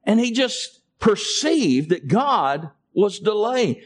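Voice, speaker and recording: Animated preacher, high lively voice. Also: male voice, takes it slowly. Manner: preaching with call-and-response to the congregation. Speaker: pastor. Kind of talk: sermon.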